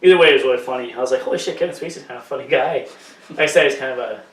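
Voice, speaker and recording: A man's voice: medium pitch, rapid-fire, a bit bright. Rambling, swearing man, roomy sound. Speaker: podcast co-host. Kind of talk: casual chat. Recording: echoey room, mic from a distance.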